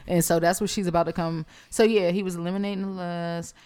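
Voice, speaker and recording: A woman's voice: on the low side, fairly even intonation, fairly quick, a little mellow, clear, resonant tone. A woman co-hosting a podcast, telling a story bluntly and profanely. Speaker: podcast co-host. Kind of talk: casual storytelling.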